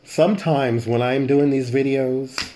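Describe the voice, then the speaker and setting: A tarot reader who hosts his own channel speaks in a steady, mellow, mid-range voice at a measured pace, with slight hiss or hum. In his casual late-night vlog he thinks out loud, rambling and chatty, and holds back yawns from tiredness.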